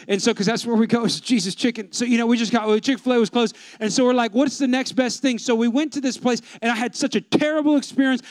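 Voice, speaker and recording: Pastor in his 30s, high smooth voice, dry close sound, comic storyteller who talks to the congregation. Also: no echo. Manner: animated, humorous, addresses the congregation. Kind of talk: storytelling sermon.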